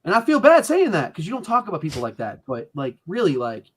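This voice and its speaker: Guest role: man with a New England accent, high voice, rapid rambling and swearing. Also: wildly swooping pitch, breathy edge. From northern US. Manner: fast, rambling and profane, loud bursts. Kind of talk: livestream interview.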